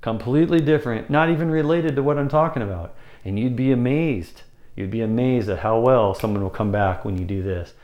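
A man's voice: a little fast, highs cut off. A man teaching how to hold attention, talking conversationally and often repeating phrases for emphasis. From United States. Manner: demonstrates by abruptly shifting pace and pitch. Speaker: sales or speaking coach. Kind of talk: instructional talk to camera.

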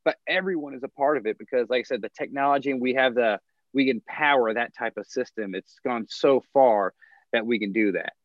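A man co-hosting a podcast in casual chat, rambling with lots of fillers and quick chuckles. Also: mid-range voice, no room sound, highs cut off. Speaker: podcast co-host.

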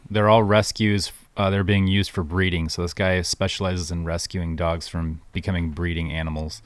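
A man's voice: sits low, little pitch movement, moderate pace, no room sound. A man co-hosting a podcast who tells stories in a dry, matter-of-fact way. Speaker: podcast co-host. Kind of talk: casual storytelling.

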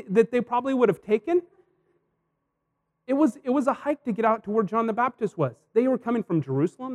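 High-voiced man preaching conversationally. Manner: conversational, anecdotal preaching with frequent "right?" asides. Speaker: pastor. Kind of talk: sermon.

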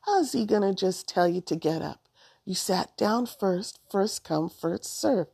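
A woman voicing an eager, outspoken young schoolgirl in a storybook reading, firing off quick questions. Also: mid-range voice, animated, creaky, darkish tone, slightly rough, dry recording, studio quality, full character voice. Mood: excited.

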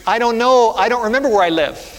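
A preacher voicing a lost, crying five-year-old girl in a story, pleading in a high, tearful voice. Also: fast talker. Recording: echoey hall, faint music.

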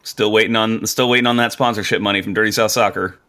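Man, low gravelly voice, bright edge, podcast co-host, wry. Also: steady tone, fast. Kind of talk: casual sports podcast chat.

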